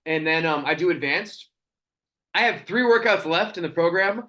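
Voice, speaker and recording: A man chatting as a podcast guest, telling excited stories and quoting people in put-on voices. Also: fairly high pitch, moderate pace. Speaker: podcast guest, wrestling cosplayer. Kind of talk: casual podcast chat.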